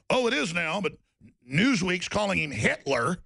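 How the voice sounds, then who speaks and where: Man, talk radio host, very gravelly voice, sarcastic rant, dry close sound. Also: sits high, very animated, moderate pace, pushed and bright, no echo. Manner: mocking, sarcastic, heated. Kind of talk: ranting talk radio monologue.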